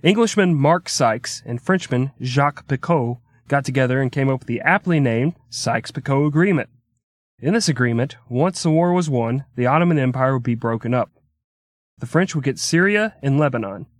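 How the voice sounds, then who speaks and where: A man's voice: mid-range voice, lively intonation, normal speed, no room sound, studio quality. A man hosting a podcast, narrating history in an irreverent comedic way with crude joking asides. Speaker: podcast host.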